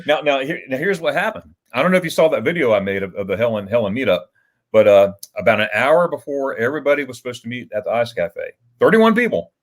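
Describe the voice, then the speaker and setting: A man's voice: mid-range voice, expressive, fast talker. Chatty man telling rambling stories. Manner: rambling storyteller with frequent restarts and chuckles. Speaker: livestream host. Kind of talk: casual livestream chat.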